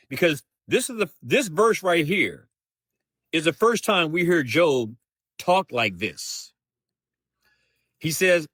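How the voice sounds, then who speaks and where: A man hosting a live Bible study, reading scripture aloud and explaining it in a slow, deliberate way, often restating himself. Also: a little high, a bit bright, no room sound, clean studio sound. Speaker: host of a Bible study show.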